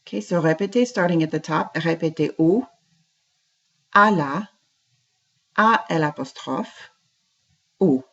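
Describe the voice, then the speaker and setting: Woman, French teacher, low voice, patient drills, muffled lo-fi sound. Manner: slow, patient, repeats French phrases and translates them. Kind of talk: classroom language lesson. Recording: dull lo-fi recording.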